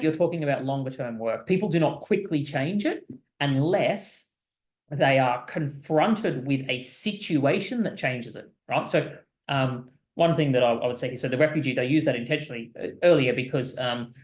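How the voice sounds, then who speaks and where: A man's voice: medium pitch, reverberant. A man who hosts as a psychologist gives explanatory commentary in a thoughtful, explaining manner, often checking in with the listener. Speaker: psychologist host. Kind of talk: explanatory commentary on a reader post.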